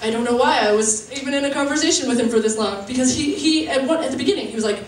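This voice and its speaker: A young woman doing a stand-up comedy set with a halting, chatty delivery full of fillers, often laughing at her own jokes. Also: high-pitched, a little hiss or hum. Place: comedy venue stage. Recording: roomy live-venue sound from a distance.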